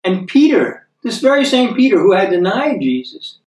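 A man with an American accent teaches from the Bible in a relaxed, conversational way, checking in with his listeners as he goes and slowing down when he reads scripture. His voice sits a little high for a man. He sounds set back from the mic in an echoey room. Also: recorded from a distance. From United States. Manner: chatty, checks in with tag questions like "okay?" and "right?".

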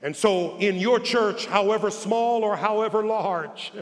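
A man's voice: sits high, animated. Man preaching a sermon in a hall. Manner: builds from quiet drawn-out phrases to shouted, rising preaching; repeats phrases for emphasis, folksy asides. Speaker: bishop.

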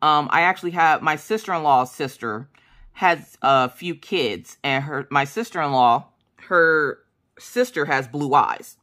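Bright-voiced chatty woman telling a story. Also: measured pace. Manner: chatty, animated, acts out quotes in a high voice. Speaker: crafting vlogger. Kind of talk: casual storytelling chat.

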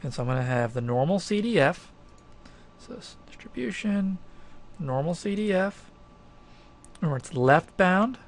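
Male math instructor, somewhat high voice, talks through steps, emphatic, casual fillers. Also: animated, normal speed, pauses often, a little hiss or hum. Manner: conversational, emphatic, thinks aloud with fillers. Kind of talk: recorded lecture walkthrough.

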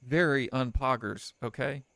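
A man's voice: mid-range voice, measured pace, gravelly, sharp tone, no room sound. A young man doing let's play commentary on a horror game, joking and sarcastic as he reads the game's text aloud. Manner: joking, sarcastic, laughs often. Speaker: gaming let's player. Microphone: desk microphone.

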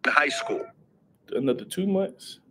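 A man's voice: a little high, expressive, measured pace, whispered. A young man, rambling casually on a live stream and greeting viewers in chat. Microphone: headset.

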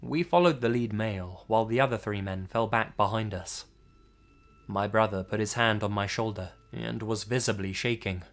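A man reading a scary story aloud in a subdued, measured way, as scripted horror narration. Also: fairly low pitch. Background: faint music.

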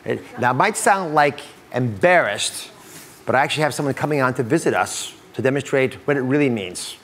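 A man's voice: medium pitch, expressive, fairly quick, fairly bright tone, in a large hall, slight background noise. A middle-aged man hosting a studio talk show, playful and jokey as he quizzes his guests. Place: TV studio with audience.

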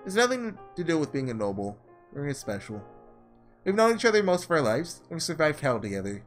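A man voicing an earnest, principled young ruler, reading in a measured, formal way. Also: on the high side, very animated, soft background music.

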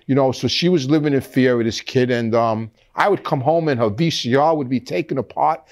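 A man's voice: mid-range voice, brisk. A man in his sixties, a guest in an interview, rambling through a story with many restarts. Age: 60s. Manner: rambling, frequent restarts, acts out quoted voices.

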